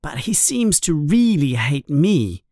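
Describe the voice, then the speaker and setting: A man's voice: fairly high pitch, very animated, slow, a little mellow, no echo, studio quality, full character voice. A man voicing an earnest, curious young schoolboy wizard in a storybook reading. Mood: worried.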